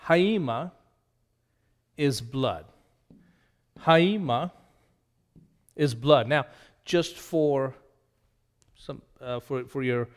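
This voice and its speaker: A man leads a vocabulary drill at a very slow, deliberate pace, repeating each word and its meaning. His voice sits at an ordinary pitch and carries a long reverb tail. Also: smooth. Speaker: Greek teacher.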